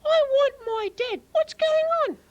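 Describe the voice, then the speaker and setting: A performer voicing an excitable, cheeky young boy in a puppet Bible story, stammering out eager questions. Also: extremely high pitch, unhurried, no echo, muffled recording.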